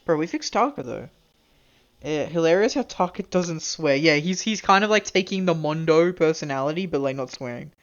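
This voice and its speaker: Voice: medium pitch, lively intonation, moderate pace, muffled recording. A streamer chatting casually with viewers and laughing often while playing a visual novel.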